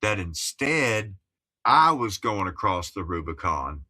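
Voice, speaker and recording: A man's voice: low-pitched, big pitch swings, takes it slowly, sharp tone. A man in his fifties from Appalachia, a musician guest talking in careful broadcast English, chatty and digressive with many restarts. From Appalachia, USA. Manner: digressive, chatty, lots of you-knows and restarts. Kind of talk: casual interview chat.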